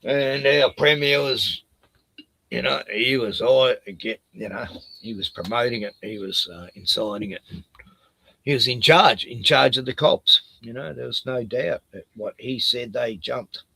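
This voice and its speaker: A man's voice: mid-range voice, measured pace, creaky, bright, forceful tone, slightly rough, dry recording. A man with an Australian accent, talking bluntly and heatedly in a casual chat, laughing at his own points. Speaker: podcast host.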